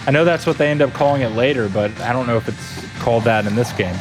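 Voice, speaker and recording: A man with a medium-pitched voice streams a video game live, chatting upbeat and playfully with his viewers at a quick pace. Game music plays in the background.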